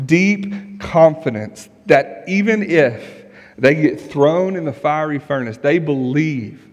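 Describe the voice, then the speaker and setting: A man's voice: on the high side, lively intonation, slow pace. A male pastor preaching a sermon in an earnest, emphatic way, asking rhetorical questions. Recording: long reverb of a large hall.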